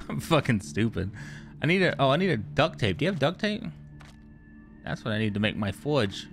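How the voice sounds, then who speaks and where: A man giving casual gameplay commentary, excitable and profane, joking with the characters he meets. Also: medium pitch, normal speed, long pauses, over music. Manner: excitable, profane, jokey, talks to game characters. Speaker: gamer streamer. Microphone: studio microphone.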